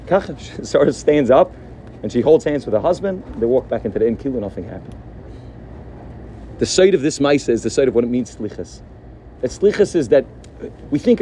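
A male rabbi gives an animated sermon, rattling along quickly in a slightly raised voice. He mixes Yiddish and Hebrew words into his talk. Faint traffic hums in the outdoor background. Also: a little high. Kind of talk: sermon storytelling.

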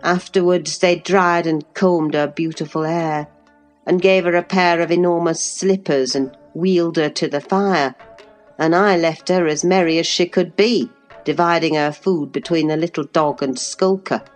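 A woman reading a classic novel aloud in a measured, even way. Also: lowish voice, soft background music. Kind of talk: audiobook narration.

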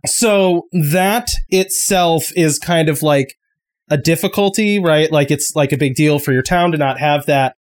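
A man's voice: fairly high pitch, a little slow. Casual man narrating as game master. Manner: loose and casual, many likes and uhs. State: sick.

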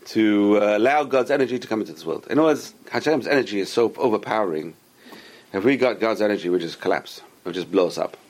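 A man's voice: fairly low pitch, expressive, fast, darkish tone. A man teaching a casual Torah lesson, explaining step by step and answering his own questions. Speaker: rabbi teaching a class.

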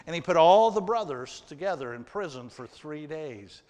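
A man's voice: on the high side, lively intonation, normal speed, few pauses, darkish tone. A man preaching a sermon, reading scripture and explaining it earnestly to his congregation. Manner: earnest, addressing the congregation directly. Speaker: pastor. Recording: long hall reverb.

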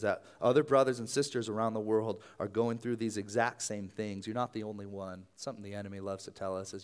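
Earnest conversational male pastor. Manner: earnest, conversational preaching, often drops to a soft low voice. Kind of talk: sermon.

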